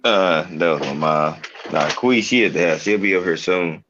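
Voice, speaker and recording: A man's voice: low voice, moderate pace, fairly bright tone, lo-fi sound, a little hiss or hum. A man in casual chat, laid-back and slangy, speaking in an easy drawl.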